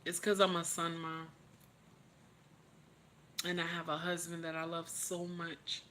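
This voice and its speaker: A woman's voice: on the low side, monotone, a little slow, a bit bright, slight background noise. A woman hosting a livestream, tearful, giving emotional motivational talk and repeating her encouragements over and over in a preachy way. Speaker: livestream host.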